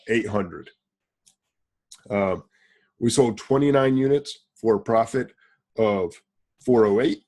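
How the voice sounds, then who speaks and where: Blunt guy hosting a business podcast, husky voice, brags a bit, asks himself questions and answers them. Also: mid-range voice. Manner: blunt, boastful, rhetorical questions. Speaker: podcast host. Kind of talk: casual business podcast talk.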